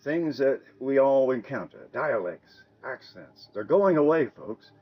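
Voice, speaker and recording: A man's voice: medium pitch, animated, a little slow. An older man from the American South with a Southern accent, talking in a folksy, musing way in a casual monologue to camera. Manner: folksy, musing, soft chuckles. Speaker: vlogger. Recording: muffled with soft music underneath.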